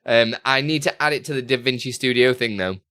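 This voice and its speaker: A man live-streaming, casually chatting with his viewers, reading their messages aloud and muttering to himself as he works through software settings. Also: mid-range voice, fairly quick, clean tone, no echo, studio quality. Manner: chatty, reads chat aloud and mutters while fiddling with software. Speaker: live streamer answering chat questions.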